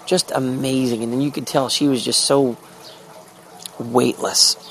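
A middle-aged man talking earnestly about his faith and family, reflective, with halting restarts. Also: medium pitch, steady tone, a bit bright, a little hiss or hum. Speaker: father sharing a spiritual journal. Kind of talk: personal faith diary monologue.

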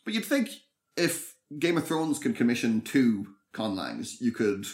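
A man's voice: mid-range voice, very animated, a little slow, a little mellow. A man co-hosting a podcast, talking things over in a thoughtful, hesitant way with many restarts. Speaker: podcast co-host. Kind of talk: casual chat.

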